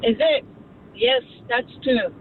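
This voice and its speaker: A woman's voice: a little high, lively intonation, slow. A woman calling in to a radio show, speaking English with an accent, hesitant and full of filler sounds. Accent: non-native English. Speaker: caller. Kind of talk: phone-in chat. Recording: tinny phone line with faint vehicle noise.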